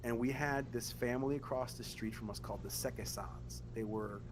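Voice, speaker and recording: A man hosting a podcast, telling animated, profane family stories in casual chat. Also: medium pitch, fairly quick, noisy background. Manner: animated, profane, acts out quotes. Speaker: podcast host.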